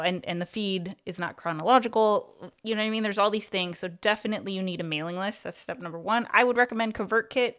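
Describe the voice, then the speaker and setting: A woman with a medium-pitched, slightly bright voice hosts a livestream as a YouTube coach. Her casual advice comes out chatty, full of "like" and "you know," and she frequently restarts thoughts and repeats words along the way.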